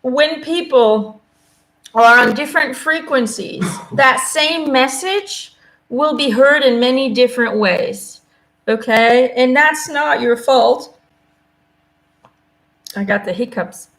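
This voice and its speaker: A woman doing a live angel card reading, speaking gently and reassuringly and often checking in with "okay?" and "you know?". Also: high-pitched, slow pace. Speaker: intuitive angel card reader. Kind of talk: live card reading, casual spoken guidance.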